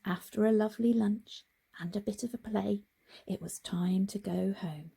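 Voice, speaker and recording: A woman reading a picture book aloud to children in a very expressive way, with gasps and hushed whispers. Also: mid-range voice, normal speed, gravelly, slightly rough. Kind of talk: children's storybook read-aloud.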